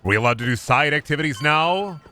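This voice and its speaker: A man streaming a video game, commenting loudly and goofily, swearing and breaking into yells. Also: a little high, lively intonation, brisk, slight background noise. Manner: loud, goofy, swearing, bursts into yelling. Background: game music.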